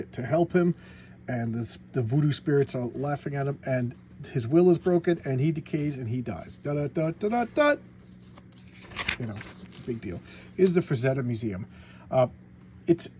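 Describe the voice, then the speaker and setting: A man's voice: mid-range voice, mellow, slight background noise. A man casually retelling comic book plots as a collector, rambling with frequent stumbles and restarts. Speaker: comic book collector reviewing back issues. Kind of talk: casual spoken comic review.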